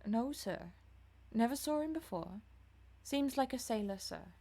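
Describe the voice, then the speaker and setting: A woman voicing a deferential working-class male gamekeeper with a rough, vaguely rural put-on accent. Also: on the high side, very animated, brisk, a little mellow, heavily acted.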